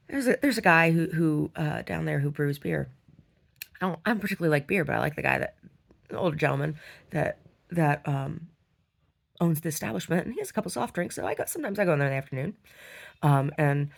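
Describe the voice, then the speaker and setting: Gravelly, husky woman rambling casually. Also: on the low side. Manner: rambling and profane, with frequent restarts. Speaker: conceptual artist. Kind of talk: casual chat vlog storytelling.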